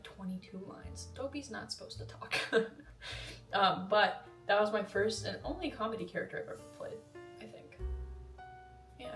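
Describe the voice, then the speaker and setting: A woman's voice: mid-range voice, a bit bright. Chatty young woman vlogger, roomy echo. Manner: chatty, rambling, many fillers and asides. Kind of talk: casual film review monologue. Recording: roomy echo, voice a bit far from mic.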